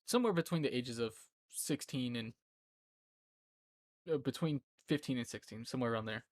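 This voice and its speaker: A man's voice: mid-range voice, moderate pace, no room sound, clean studio sound. A man in his twenties chatting casually on a live stream from home, rambling and often breaking into laughter. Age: 20s. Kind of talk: casual chat. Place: indoor room at home.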